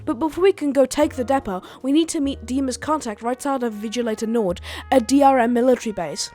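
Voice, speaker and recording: High voiced woman doing a snarky game story recap, jokey asides, faint music under it. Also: quick pace, warm tone. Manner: sarcastic, joking asides. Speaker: video reviewer. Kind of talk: comedic game lore recap.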